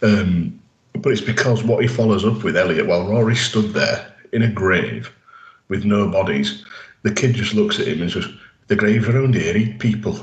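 A man's voice: low-pitched, animated, moderate pace, echoey room, dull audio. A man co-hosting a casual podcast, recapping episodes at length with lots of fillers and restarts. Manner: rambling, enthusiastic recaps with many fillers. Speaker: podcast co-host. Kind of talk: casual chat.

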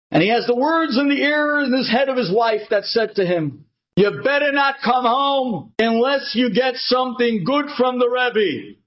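Male storyteller, very high voice, theatrical character voices, dull lo-fi sound. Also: lively intonation, moderate pace. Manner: acts out characters with big pitch swings, heated and pleading. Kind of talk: animated story narration. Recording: dull lo-fi recording.

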